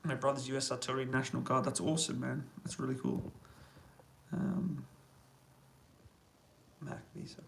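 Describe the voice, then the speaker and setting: Gravelly-voiced man chatting on a live stream. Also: medium pitch, fairly even intonation, normal speed, long pauses, a bit bright, a little hiss or hum, poor audio. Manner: easygoing, chatty, laughs often. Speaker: YouTuber answering live chat. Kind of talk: casual live-stream chat reading comments. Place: army accommodation room, indoors.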